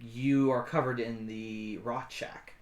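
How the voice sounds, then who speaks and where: A man narrating as game master in a relaxed, casual manner. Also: medium pitch, slow. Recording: roomy echo.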